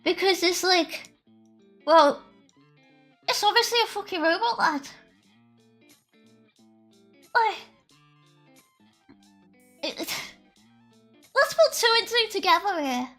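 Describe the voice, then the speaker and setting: A woman's voice: very high voice, lively intonation, takes it slowly, pauses often, fairly bright tone. A woman streamer chatting casually with her audience on a live stream. She giggles often, is sarcastic and swears freely. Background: faint lo-fi music.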